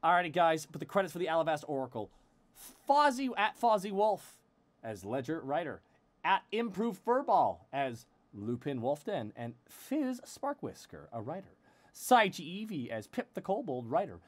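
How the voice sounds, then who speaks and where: A man's voice: on the high side, moderate pace, dry recording. A man hosting a casual live stream, reading a fan-made newspaper aloud with laughs and stumbles. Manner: animated, laughing, reads with stumbles.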